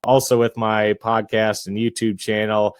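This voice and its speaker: A man who is a real estate investor and realtor, a guest on a casual podcast interview, talking in a measured, introverted way with frequent filler phrases. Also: lowish voice, level tone, clean tone, dry recording. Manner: measured, self-described introvert, frequent "you know" fillers. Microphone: podcast microphone.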